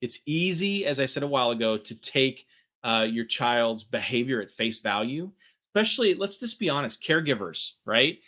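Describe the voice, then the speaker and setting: A man's voice: medium pitch, sing-song, moderate pace, sharp tone. A middle-aged man co-hosting a workshop talk, conversational, with lots of fillers and "right?" checks. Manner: conversational, many fillers and tag questions. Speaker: podcast co-host.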